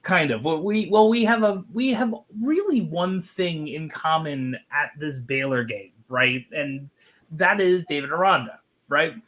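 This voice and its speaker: A man's voice: fairly high pitch, animated, a little slow, fairly bright tone. A man co-hosting a sports podcast, running a trivia segment with a teasing, dryly sarcastic manner. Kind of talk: casual sports podcast chat.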